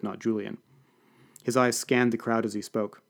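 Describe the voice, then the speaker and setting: A man's voice: mid-range voice, steady tone, a little fast. Wry male audiobook narrator. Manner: dry, wry first-person telling.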